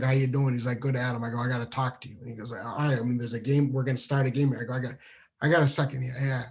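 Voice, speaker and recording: A man from New Hampshire telling a childhood story at a virtual storytelling show, animated and full of restarts, acting out the dialogue. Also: mid-range voice. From New Hampshire, USA. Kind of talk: live storytelling over a video call. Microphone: video call microphone.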